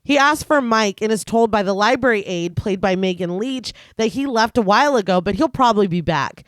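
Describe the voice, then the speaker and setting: A woman's voice: medium pitch, animated, fairly quick, no echo. Woman reading a horror recap, dry mic. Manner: reads plot summary then jokes and laughs. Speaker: podcast co-host, recapping scenes. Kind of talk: casual horror podcast chat with scripted recap.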